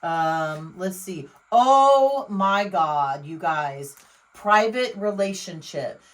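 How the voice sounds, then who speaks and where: A woman's voice: on the low side, expressive, low-quality recording. A woman giving a casual tarot reading, blunt and emphatic, swearing freely and talking straight to the viewer. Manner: exclamatory, quick swings in loudness. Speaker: tarot reader.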